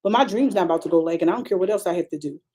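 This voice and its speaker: Rapid-fire and husky, with a dark tone, a middle-aged woman preaches a vernacular, conversational sermon. Time after time her voice shoots up into emphatic, high-pitched bursts.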